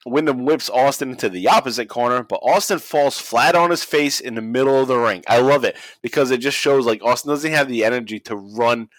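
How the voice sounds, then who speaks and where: A man's voice: medium pitch, a little fast, few pauses, fairly bright tone, no room sound, low-quality recording. A man co-hosting a casual podcast, recapping a match play by play with profanity, frequent laughs and goofy impressions. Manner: profane, laughs often, does silly voices. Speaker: podcast co-host recapping wrestling.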